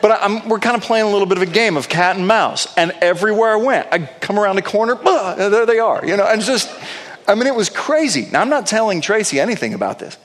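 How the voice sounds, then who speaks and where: Man, pastor, playful storytelling sermon, highish lively voice, large hall echo. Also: fast. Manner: animated storyteller, playful asides. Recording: long reverb of a large hall.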